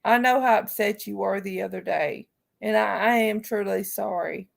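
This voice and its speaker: A woman's voice: mid-range voice, normal speed, vocal fry. A woman hosting a live stream, speaking casually and outspokenly to her chat viewers with heartfelt remarks. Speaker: livestream host.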